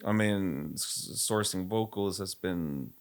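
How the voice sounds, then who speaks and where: A man's voice: low-pitched, slow. A middle-aged man with a Swedish accent, co-hosting a casual chat and talking reflectively and candidly, often restarting his thoughts. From Sweden. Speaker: podcast co-host, music producer.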